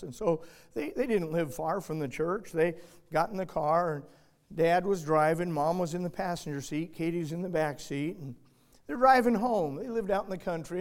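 A man preaching and telling a story from the pulpit, swinging between loud urgent moments and quiet hushed ones. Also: high-pitched. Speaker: pastor. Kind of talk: sermon illustration storytelling.

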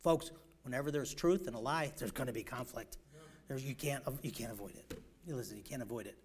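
A man preaching a sermon in a rambling way, with many fillers and restarts, swinging from loud emphatic bursts to quiet storytelling. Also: mid-range voice, fairly quick, husky. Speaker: pastor.

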